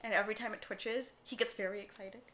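A woman's voice: mid-range voice, fast. A woman co-hosting a podcast in casual chat, telling stories animatedly and acting out what others said. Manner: animated storytelling, quotes others in voices. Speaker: podcast co-host.

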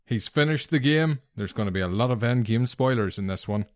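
A man's voice: medium pitch, expressive, fairly quick, no room sound, clean studio sound. A man co-hosting a casual podcast, wry and teasing with his co-host. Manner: teasing, wry, banter-heavy. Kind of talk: casual chat.

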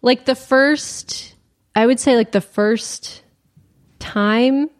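Slow-talking woman podcast host. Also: a little high, no echo, studio quality. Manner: relaxed, chiming in with quick reactions. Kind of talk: casual chat.

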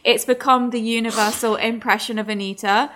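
A woman's voice: on the high side, fairly even intonation, a little fast, a bit bright. A woman co-hosting a podcast, chatting casually, swearing freely and mimicking people. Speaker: podcast co-host. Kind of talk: casual chat.

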